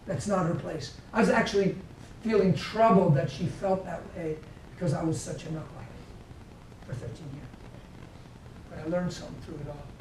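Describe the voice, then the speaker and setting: A man's voice: on the high side, warm tone. A man preaching a conversational sermon, telling stories and acting out what people said. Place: church meeting room. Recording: echoey room from far off, faint background noise.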